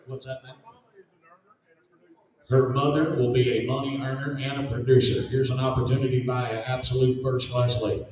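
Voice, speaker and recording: A man working as an auctioneer, calling bids in a rapid rhythmic chant and repeating numbers over and over. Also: mid-range voice, little pitch movement, a little mellow. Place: large indoor sale arena. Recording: echoey arena from far off with crowd.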